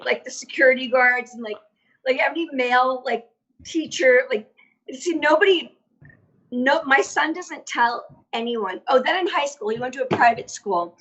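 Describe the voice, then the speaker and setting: A woman with a high, fairly bright, slightly rough voice is a guest on a podcast, chatting casually and telling stories with plenty of fillers like "like" and frequent restarts. The audio is dull and lo-fi.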